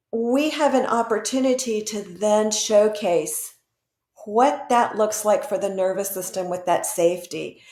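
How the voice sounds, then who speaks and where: A woman's voice: a little high, warm tone, echoey room. A woman guest expert in an interview, explaining earnestly with examples.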